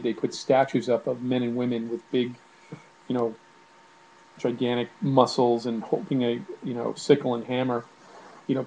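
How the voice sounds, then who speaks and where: Man, mellow voice, ranting vlog commentary, irritated, lots of ums and restarts, faint background hiss. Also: medium pitch, vocal fry, poor audio. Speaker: video blogger. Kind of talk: casual spoken commentary to camera.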